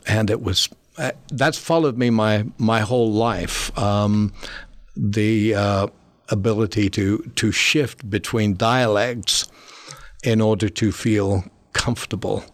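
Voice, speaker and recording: An older man from England with a mixed Manchester and Cornish accent, speaking haltingly in a reflective interview. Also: on the low side, fairly even intonation, dry recording. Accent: mixed English, Manchester and Cornish. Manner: halting, with frequent restarts and pauses. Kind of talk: reflective conversation.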